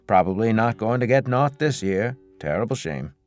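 A man's voice: fairly low pitch, animated, normal speed, a little mellow, soft background music, close to an everyday voice. A man doing a grumbling old farmer. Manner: gruff, grumbling. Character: grumbling old male maple farmer, complaining.

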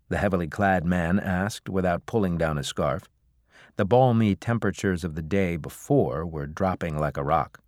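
A man narrating an audiobook in an even, measured way. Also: sits low, dry recording, clean studio sound.

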